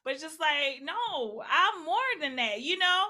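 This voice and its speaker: A woman's voice: sits high, expressive, measured pace, bright, forceful tone. A woman hosting an interview show, talking in an encouraging, reflective way with frequent affirmations to her guest. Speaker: podcast host. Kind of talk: supportive interview chat.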